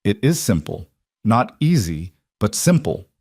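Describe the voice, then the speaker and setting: A man voicing a stubborn, caring young frontier woman who speaks firmly but gently. He does not change his voice much for her. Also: lowish voice, very animated, a little slow, gravelly, no room sound, studio quality, exaggerated voice. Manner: firm and gentle.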